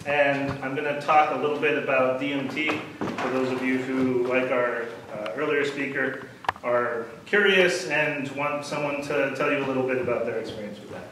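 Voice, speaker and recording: A man's voice: medium pitch, steady tone, normal speed. A man giving an unprepared, rambling talk to a crowd, full of fillers and self-deprecating asides. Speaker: speaker at a storytelling event. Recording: echoey hall from far off, with noise.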